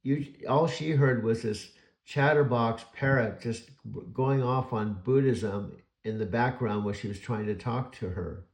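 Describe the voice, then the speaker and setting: An older man in his sixties talking to his voice assistant, his voice bouncing around an echoey room. He tells his stories excitably, with restarts and laughter, at a middling pitch. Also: measured pace, vocal fry. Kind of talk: casual chat.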